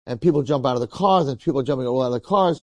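A man, a rabbi, telling a story in a sermon in a lively, conversational way, acting out the people in it. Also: medium pitch, very fast, no room sound, muffled recording. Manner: animated, conversational, acts out quotes.

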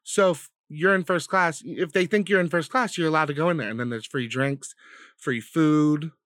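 A young man co-hosting a podcast, telling a profane, animated story in casual chat. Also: a little high, normal speed, no room sound, studio quality. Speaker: podcast co-host.

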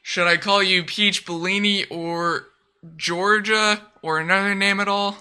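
A woman's voice: mid-range voice, a little slow, clear, resonant tone. A woman hosting a stream, chatting casually and a bit hesitantly with many fillers. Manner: relaxed, hesitant, lots of fillers. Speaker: streamer host. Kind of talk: casual chat.

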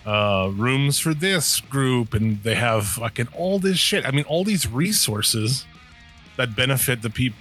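A man's voice: mid-range voice, lively intonation, measured pace, a bit bright, faint music behind. A man co-hosting a podcast, chatting loosely with lots of swearing, rambling and trailing off mid-thought. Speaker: podcast co-host. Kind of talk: casual profane chat.

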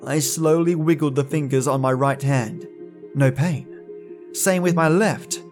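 Podcast storyteller: man with a slightly high voice, steady and deliberate, soft music underneath. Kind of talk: storytelling narration.

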